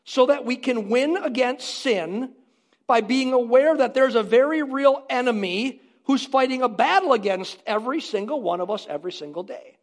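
A man with a strikingly high voice preaching to his congregation. He is emphatic and drives points home by repeating short phrases. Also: expressive, moderate pace. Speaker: pastor. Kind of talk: sermon.

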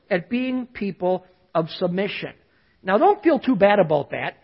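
A man preaching a sermon as pastor, lively, calling on listeners to repeat after him. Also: very high voice, husky, dull audio.

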